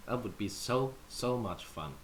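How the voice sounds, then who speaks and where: Speaking at medium pitch over a faint hiss or hum, a Danish livestream host, whose mother tongue is Danish, chats informally with his audience. He answers viewers playfully, full of fillers.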